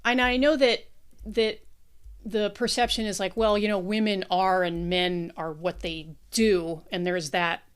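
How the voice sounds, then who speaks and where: American woman, podcast co-host, clear smooth voice, frank and sweary in casual chat. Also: medium pitch, fairly even intonation, unhurried. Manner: frank and blunt, swears freely.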